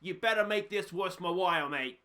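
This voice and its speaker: A man's voice: sits high, fairly quick, sharp tone. A man voicing a pushy, blunt male journalist with an Australian accent. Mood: brash.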